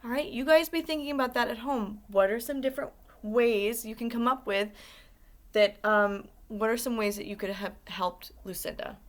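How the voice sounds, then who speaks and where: A woman's voice: on the high side, normal speed. A woman who is an elementary school guidance teacher, reading a picture book aloud to young children, asking them questions and encouraging them. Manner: warm, encouraging, asks the kids questions.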